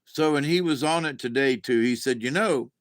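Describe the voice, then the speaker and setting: A man's voice: mid-range voice, brisk, dry recording. A man talking in a rambling, casual monologue to his camera, losing his train of thought, chuckling and swearing offhandedly. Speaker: vlogger.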